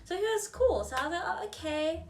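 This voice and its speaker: A woman in her twenties with a South African accent, telling a storytime on her vlog in a chatty, animated way and acting out the people in it. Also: very high voice, quick pace, reverberant, far from the mic, slight background noise. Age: 20s. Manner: animated, chatty, acts out dialogue in shifting voices. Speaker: vlogger.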